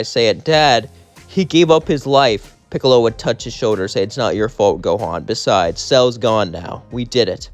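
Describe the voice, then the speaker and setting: A man narrating a fan-fiction story in a casual, conversational way. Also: medium pitch. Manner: conversational, plain. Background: faint music.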